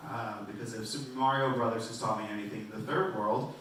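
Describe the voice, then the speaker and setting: A man doing a stand-up comedy set in a club, rambling and self-deprecating, with halting restarts. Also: fairly low pitch, steady tone, a bit bright. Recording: roomy and distant, faint noise.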